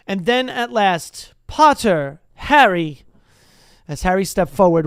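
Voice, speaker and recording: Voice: medium pitch, clean tone, no echo, studio quality. A streamer reading a book aloud to a live chat, stumbling and breaking off for casual asides. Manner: chatty asides, stumbles and restarts.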